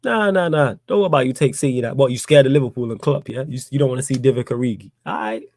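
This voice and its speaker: A man hosts a laid-back football podcast. He talks straight to his viewers, teasing them and jumping up into loud, high-pitched challenges. His voice sits in a middle pitch, and the recording is dry and close. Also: fast, dry recording. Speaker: podcast host. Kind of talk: casual live-stream football chat.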